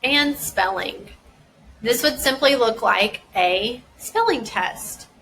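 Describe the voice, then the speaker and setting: Slow, crisp-voiced woman explaining. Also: on the high side, lively intonation, a bit bright, a little hiss or hum, low-quality recording. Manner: slow, deliberate, carefully sounding out word parts. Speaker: school dyslexia specialist. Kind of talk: instructional explanation.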